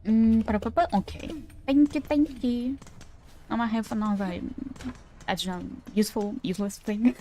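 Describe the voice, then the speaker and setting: A woman's voice: a little high, steady tone, normal speed, warm tone. A woman chatting casually with her viewers while playing a game, laughing often. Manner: chatty, giggly, talks to chat. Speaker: streamer. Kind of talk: casual gameplay livestream.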